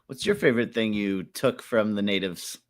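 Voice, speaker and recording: A young man co-hosting a casual podcast chat, joking and swearing freely. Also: lowish voice. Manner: animated, joking, profane, quick bursts of laughter. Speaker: podcast co-host.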